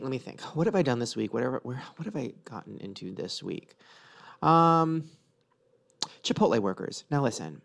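Gravelly, lively man chatting on a podcast. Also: medium pitch. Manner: chatty, profane, joking. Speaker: podcast co-host. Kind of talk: casual podcast chat.

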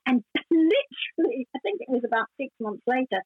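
A woman's voice: sits high, big pitch swings, moderate pace, slight background noise. An older woman, a former actress, telling long anecdotes in a chatty, rambling way during an interview. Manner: warm, chatty anecdotal storytelling with many restarts. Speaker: actress guest. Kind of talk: casual interview chat. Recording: dry tinny phone-like line.

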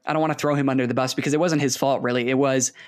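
A man's voice: medium pitch, very fast, dry recording. A young man casually telling a long story to a friend, acting out the people in it. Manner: animated storyteller, acts out quotes.

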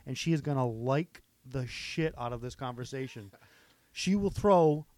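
A man's voice: mid-range voice, normal speed, a little mellow, no echo. A man co-hosting a podcast in casual chat, telling stories animatedly and laughing often. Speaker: podcast co-host.

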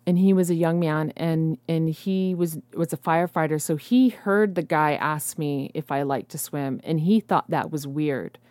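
A young woman recounts a story in a loose, halting way. Her voice sits a little low for a woman. The sound is dry, with no room around it. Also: darkish tone, no room sound. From United States. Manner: rambling, halting, many fillers. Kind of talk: casual storytelling.

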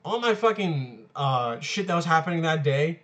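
A young man with a slightly higher-than-usual voice rambles through a casual story. He talks crudely, swears constantly and leans on filler words. He sounds like a college student talking straight to his viewers. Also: animated, normal speed, fairly bright tone. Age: young adult.

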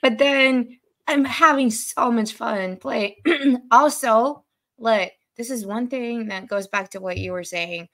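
A woman from Australia, a podcast guest in casual chat, blunt and quick to laugh. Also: on the high side, a bit bright.

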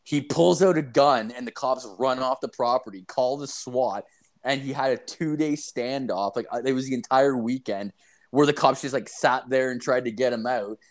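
A young man swaps stories with a friend, his mid-range voice moving at a moderate speed. He swears a lot and leans on fillers, keeping the rambling tale lively and rough around the edges.

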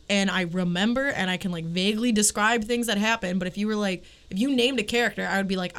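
A woman co-hosts a casual panel chat. She is opinionated and animated, and she pushes her point with lots of "like" fillers and acted-out asides. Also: medium pitch, fast talker, few pauses.

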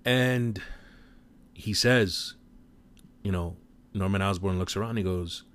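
A man casually retelling a movie plot in an animated way, with offhand swearing. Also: low voice, slow. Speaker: film recap commentator.

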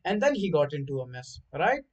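A man's voice: a little high, a little fast, poor audio. Rambling, cussing podcast host man. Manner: rambling, animated, swears freely. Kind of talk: casual chat.

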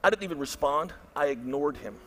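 A middle-aged pastor tells a story in his sermon and acts out his inner thoughts with lively energy. His voice sits high for a man. He jumps between quiet asides and loud bursts. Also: brisk, faint music behind. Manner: animated, acts out his own inner voice loudly.

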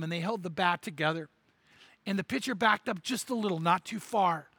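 A man's voice: sits high, gravelly, pushed and bright, dry recording. A man preaching a sermon and telling a story, acting out the characters' lines with animation and repeating words as he goes.

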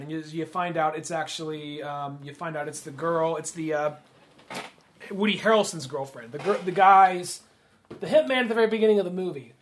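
A man with a high-pitched voice chats on a podcast about films, animatedly retelling scenes and jumping into the characters' lines. His delivery is loose and conversational, full of fillers and restarts. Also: a bit bright. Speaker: podcast co-host. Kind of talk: casual film discussion.

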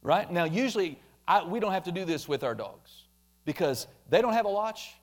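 A man preaching a sermon, animated, acting out quoted complaints in mocking voices. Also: high voice, moderate pace. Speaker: pastor.

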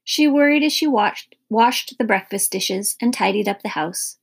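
A woman reads a children's storybook aloud with expressive, storyteller flair. Her mid-range voice moves at a normal pace, slightly rough and touched with vocal fry.

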